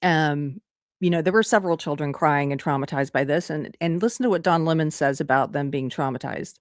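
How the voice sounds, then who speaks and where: A woman's voice: sits low, fairly quick, dry recording, studio quality. A woman hosting live-streamed political commentary in an indignant, sarcastic manner. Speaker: host.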